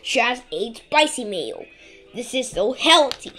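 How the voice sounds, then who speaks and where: Slow, high-pitched woman playing with toys. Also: soft background music. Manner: broken English, slow and animated, scolding and squealing. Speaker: toy play narrator. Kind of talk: playful toy play with minion figures.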